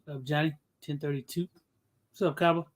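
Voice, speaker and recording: A man co-hosting a casual livestream, chiming in with brief, relaxed, friendly replies. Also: fairly high pitch, fairly quick.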